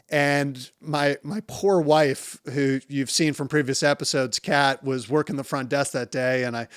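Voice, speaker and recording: A man's voice: medium pitch, clear, resonant tone, dry recording, studio quality. A middle-aged man, a urologist, telling funny stories from his clinic in a casual, candid way and laughing as he goes. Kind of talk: storytelling to camera.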